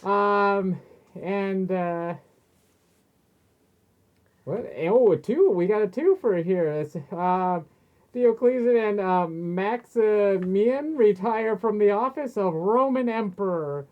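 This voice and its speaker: A woman's voice: mid-range voice, slow. A woman casually reading history facts aloud, stumbling over names and laughing often. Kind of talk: casual chat reading from screen. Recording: tinny phone-like sound.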